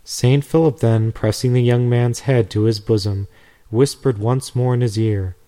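A man reading a devotional story aloud in a measured, steady way. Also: mid-range voice. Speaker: narrator.

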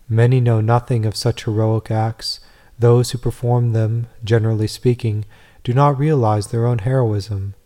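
A man reading a devotional text aloud in a measured, earnest way, full of rhetorical questions. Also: mid-range voice, dark tone. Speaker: reader.

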